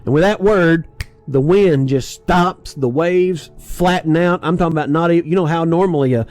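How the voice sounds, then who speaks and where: A man's voice: a little high, moderate pace, darkish tone, no room sound, faint music behind. A man preaching a sermon in a conversational, anecdotal way, chuckling and restarting as he talks.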